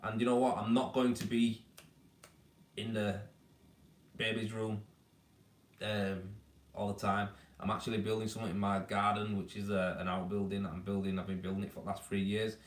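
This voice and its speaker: A man's voice: on the low side, level tone, normal speed, roomy sound. A man from Leeds with a Yorkshire accent, chatting bluntly and casually on a live stream, calling viewers "mate" and giving them down-to-earth advice. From Leeds, England. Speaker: tradesman hosting a weekly live Q&A stream. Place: baby's room at home.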